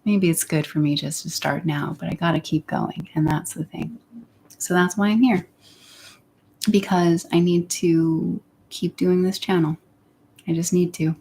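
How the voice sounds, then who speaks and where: A woman's voice: lowish voice, fairly even intonation, a little slow, creaky, dark tone, a little hiss or hum. A young woman chatting candidly on her livestream, rambling and sometimes dropping into a whisper. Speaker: YouTuber. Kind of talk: casual livestream chat.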